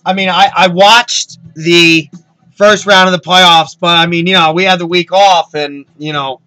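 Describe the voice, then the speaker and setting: A man with a fairly high, very bright voice talks football eagerly, repeating himself and piling on fillers. He sounds close and dry, with no room around him. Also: steady tone, unhurried, clear, resonant tone, no echo, rough recording. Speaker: host. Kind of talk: casual sports chat.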